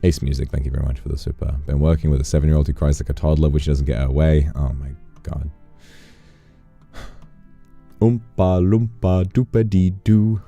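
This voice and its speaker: A man's voice: a bass voice, a little fast, gravelly, pauses often, faint music behind. A man chatting casually on a livestream, playful and teasing as he tells stories. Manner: playful, teasing, animated storyteller. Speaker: streamer.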